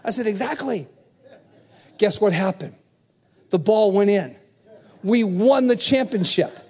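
A male pastor preaching a sermon at a church convention, shouting refrains and throwing call-and-response questions at the congregation. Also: high-pitched, animated, a little slow, breathy edge.

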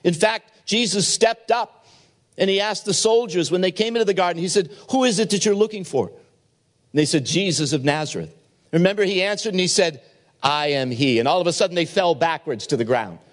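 A man preaching a sermon at an evening chapel service, acting out the people in his stories with lively changes of voice. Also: high-pitched, a little fast. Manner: expressive preaching, acts out dialogue. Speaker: pastor.

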